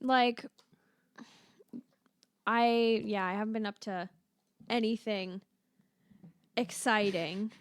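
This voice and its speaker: A woman's voice: medium pitch, fairly even intonation, slow pace, long pauses, smooth, dry recording, studio quality. A woman co-hosting a podcast, laid-back and giving brief, easy replies. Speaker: podcast co-host. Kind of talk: casual chat.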